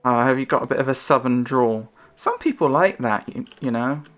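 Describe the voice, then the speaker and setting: A woman's voice: a bass voice, moderate pace, faint music behind. A woman streamer chatting casually in a rambling, self-conscious way, her intonation rising and falling.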